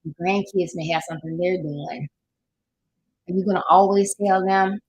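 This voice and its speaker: A woman's voice: lowish voice, fairly even intonation, moderate pace, husky, poor audio. An older woman with a Southern US accent, hosting a casual motivational talk, folksy and preachy, sometimes laughing as she talks. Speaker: life coach host.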